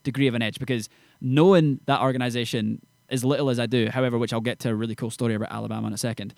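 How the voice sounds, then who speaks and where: A man's voice: medium pitch, vocal fry, no room sound. A young man, a songwriter, telling stories animatedly in casual chat full of slang. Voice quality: fast, animated storytelling with slang. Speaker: songwriter guest.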